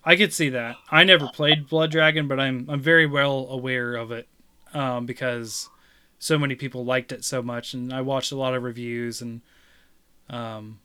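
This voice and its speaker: Bright, clear-voiced chatty man. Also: medium pitch, fairly even intonation, moderate pace. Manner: rambling, laughs loudly, restarts often; mimics game voices in retelling. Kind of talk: casual chat.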